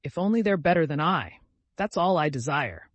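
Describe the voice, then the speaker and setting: Modest older aristocrat voiced by a male narrator, polite, self-deprecating, eager, slightly high voice, audiobook. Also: animated, moderate pace, a bit bright, no echo. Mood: earnest.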